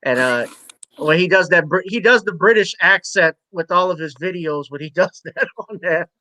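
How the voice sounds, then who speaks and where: Bright-voiced chatty stream host. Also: male voice, sits high, moderate pace, rough recording. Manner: chatty, laughing, hesitant with fillers. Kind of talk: casual live-stream panel talk.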